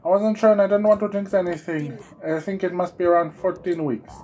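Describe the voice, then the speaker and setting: A man's voice: fairly even intonation, a little fast, close to an everyday voice. A man voicing a queen telling her husband happy news, in a raised, light voice. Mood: excited. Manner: raised, bright pitch. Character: queen, gentle wife sharing happy news.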